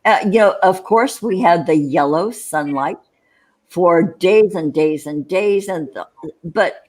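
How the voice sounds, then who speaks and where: A woman co-hosting a casual livestream chat show, rambling with many restarts and quick laughs. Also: fairly low pitch.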